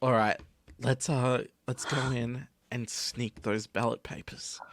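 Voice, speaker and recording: A man's voice: mid-range voice, flat delivery, takes it slowly, gravelly, slight background noise. A man narrating and running a tabletop role-playing game in a casual, filler-heavy way. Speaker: storyteller.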